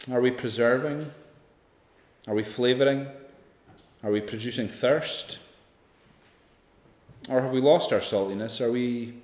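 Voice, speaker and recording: A man preaching an evening sermon, emphatic, swinging from loud peaks to hushed lines. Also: medium pitch. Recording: echoey hall, long reverb.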